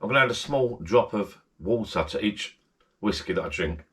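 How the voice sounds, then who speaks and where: A man's voice: on the low side, animated, moderate pace, fairly bright tone. A man hosting a casual vlog from his backyard garden shed bar, rambling and repeating himself as he chats straight to his viewers. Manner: rambling, repeats himself, friendly direct address. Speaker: channel host.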